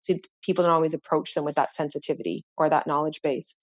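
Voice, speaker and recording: A woman's voice: low-pitched, fairly even intonation, fast, dry recording. A woman educator, a podcast guest, earnestly recounting classroom experiences in conversation, with frequent restarts and repeated words. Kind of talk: reflective storytelling in conversation.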